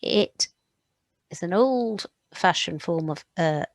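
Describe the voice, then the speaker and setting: A woman teaches French phonics to young children in a patient, steady way, sounding out each letter and sound for them to copy. Her voice sits on the low side, and the recording is close and dry with almost no room sound. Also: takes it slowly, no room sound. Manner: patient, demonstrates sounds aloud.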